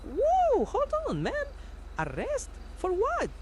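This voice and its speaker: A woman's voice: extremely high pitch, wildly swooping pitch, slow pace, noisy background, heavily acted. A synthetic woman's voice playing a defiant young male suspect in a game, protesting his arrest. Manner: protesting, insistent, dismissive.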